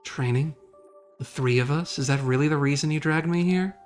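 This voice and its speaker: A woman's voice: sits low, normal speed, a little mellow, faint music behind, close to an everyday voice. A woman voicing a cold, guarded teen girl who talks in a curt, irritated way.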